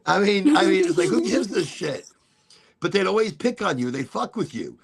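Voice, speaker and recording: A man's voice: fairly high pitch, big pitch swings, normal speed, vocal fry, slightly rough. A middle-aged man hosting a casual podcast, telling rambling stories full of restarts and repeated words. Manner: rambling, storytelling with many restarts. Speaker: podcast host. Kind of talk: casual chat.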